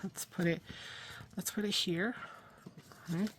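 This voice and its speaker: A woman hosts a casual crafting livestream. She thinks aloud as she works, fills pauses with ums and you-knows, and laughs at herself. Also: on the low side, fairly even intonation, a little hiss or hum. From New York, USA. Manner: chatty, thinks aloud while working, frequent fillers; self-deprecating, laughs at herself. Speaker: craft channel host.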